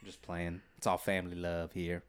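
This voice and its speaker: A man's voice: low-pitched, completely flat delivery, moderate pace, smooth. A man co-hosting a podcast in casual chat, joking and laughing often. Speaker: podcast co-host.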